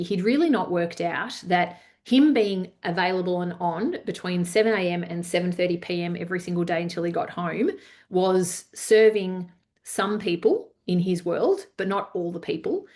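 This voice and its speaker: A woman, presenting a leadership masterclass and chatting her way through anecdotes with lots of fillers. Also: fairly low pitch. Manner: chatty, many fillers, animated retelling. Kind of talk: webinar talk with anecdotes.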